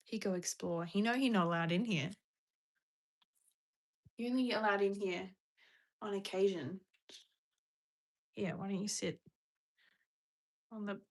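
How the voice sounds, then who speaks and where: A woman's voice: medium pitch, a bit bright. A young British woman chatting casually on a live stream, giggly and rambling, calling out to her pet now and then.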